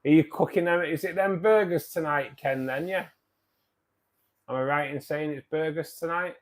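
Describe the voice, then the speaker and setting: A man's voice: a little high, moderate pace. Chatty man hosting a live chat. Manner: chatty, friendly greetings, trails off quietly. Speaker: livestream host. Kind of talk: casual live chat reading viewer comments.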